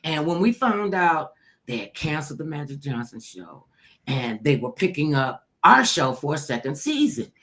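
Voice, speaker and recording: Low-voiced older woman telling a lively story. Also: moderate pace. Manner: animated, acts out quoted voices, laughs. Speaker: talk show host telling her story. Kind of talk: casual storytelling chat.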